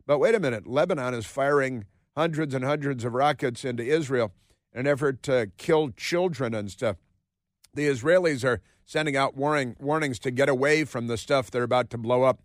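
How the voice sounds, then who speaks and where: A man's voice: mid-range voice, normal speed, no echo, studio quality. Sarcastic rambling male radio host. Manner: sarcastic, rambling, with many filler words. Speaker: radio talk show host. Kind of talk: talk radio monologue. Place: radio studio.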